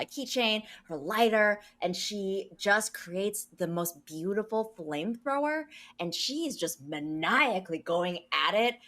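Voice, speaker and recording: A woman's voice: medium pitch, a bit bright. A woman playing a tabletop horror game, describing her character's actions vividly. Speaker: player.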